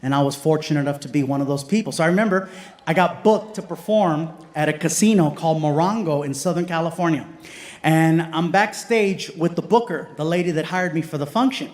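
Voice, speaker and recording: A man telling stand-up stories to a live audience, animated and acting out voices of the people in them. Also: a little high, brisk. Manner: animated, acts out voices of kids and adults. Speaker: stand-up comedian. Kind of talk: stand-up storytelling. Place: large comedy venue with live audience. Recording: stage mic, roomy with loud crowd.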